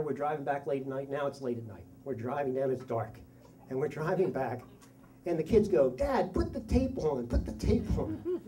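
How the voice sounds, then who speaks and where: A middle-aged man tells a story live on stage in a self-mocking, animated way, acting out other people's lines. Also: mid-range voice, far from the mic, slight background noise. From Delaware County, Pennsylvania. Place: story slam venue.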